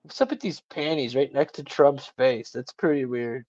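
A man's voice: mid-range voice, animated, moderate pace, a little mellow, dry recording. A man hosting a live call-in show, chatting casually with a sarcastic, slangy manner. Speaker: host. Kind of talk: casual podcast chat. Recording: dull lo-fi sound.

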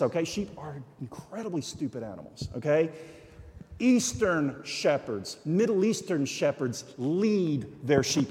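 Guest preacher, male, slightly high voice, dramatizes quotes in his stories, big echoing sanctuary sound. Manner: animated storytelling, acting out quoted voices. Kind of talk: sermon. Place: church sanctuary. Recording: long church reverb.

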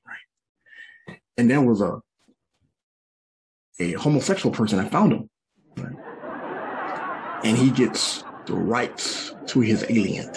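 A man doing stand-up comedy, animated and repetitive, talking straight to the audience. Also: medium pitch, slow, pauses often, slightly rough. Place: comedy stage. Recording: live show, faint crowd and noise.

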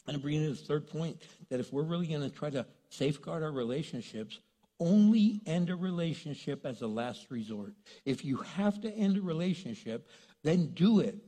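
A man preaching a sermon, animated and joking, acting out the voices of the people he quotes. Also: fairly high pitch, breathy edge. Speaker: pastor. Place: church hall. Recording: long reverb of a church hall.

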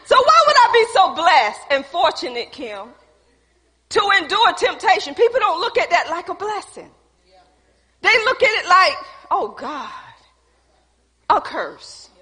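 A woman preaches a lively sermon, laughing and calling out to the people in front of her. Her voice sits very high and bright. A long reverb from the church hall trails behind her words. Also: normal speed. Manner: calls out to the congregation, laughing, playful.

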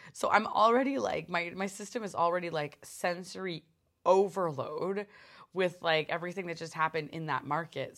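A young woman hosting a podcast, telling a personal story in a rambling, animated way, full of filler words and swearing. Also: on the low side. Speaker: podcast host. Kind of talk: casual storytelling.

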